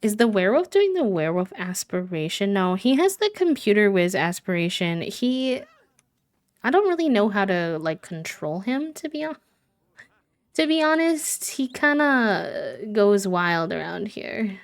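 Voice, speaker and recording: A woman's voice: medium pitch, sing-song, normal speed. A woman live-streaming a game, chatting casually, giggling and cooing fondly at the characters. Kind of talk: casual chat while playing a life-sim game.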